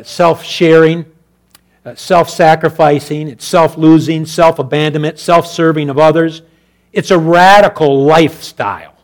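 A fairly high-pitched male preacher delivers his sermon in a rhythmic, repetitive cadence. He drops into hushed, low asides, then climbs back up to loud, ringing exhortation. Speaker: pastor.

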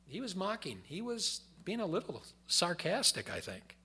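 A man preaching a sermon, reading scripture aloud with loud emphasis and dropping to quiet explanatory asides. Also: high-pitched, huge pitch swings, moderate pace, hardly any pauses, slightly rough.

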